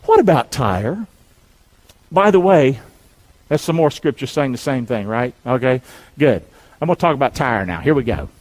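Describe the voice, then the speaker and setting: Lively folksy preacher man. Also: medium pitch, normal speed, pauses often, poor audio. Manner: folksy, asks the congregation questions. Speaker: pastor. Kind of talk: sermon.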